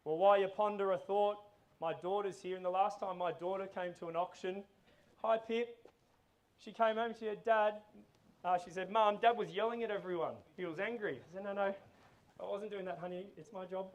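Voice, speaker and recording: High-voiced Australian auctioneer man. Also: moderate pace. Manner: chatty, patter between firm calls. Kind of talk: live auction calling. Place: outdoors at a house auction.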